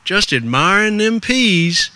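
Pastor doing a bashful, ragged little boy with country grammar. Raised, lively, bright voice in a dry, close sound. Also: high-pitched, takes it slowly, no echo, pitched above the performer's own voice, exaggerated voice. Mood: bashful, polite. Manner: folksy rural talk, earnest and bashful. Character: small ragged hungry boy, polite and shy.

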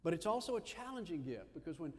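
A man preaching a sermon, telling a story in a lively, animated way with little asides. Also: a little high, fast talker, long reverb tail. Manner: animated storyteller, acts out voices in quotes.

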